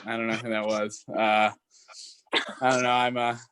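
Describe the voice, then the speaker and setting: A young man in his twenties doing stand-up with a bright, forceful tone. He talks in a halting, self-deprecating way and fills gaps with "uh" and "like". The sound is dry and close, with no room around it. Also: mid-range voice, level tone, smooth, no echo. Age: 20s. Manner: halting, self-deprecating delivery with many fillers. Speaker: stand-up comic. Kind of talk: stand-up set over a video call.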